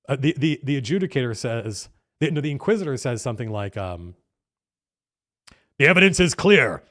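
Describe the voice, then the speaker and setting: Excited man recounting a tabletop game. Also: medium pitch. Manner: excited, animated storytelling with restarts and profanity. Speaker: game master recounting a session. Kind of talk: casual campaign diary monologue.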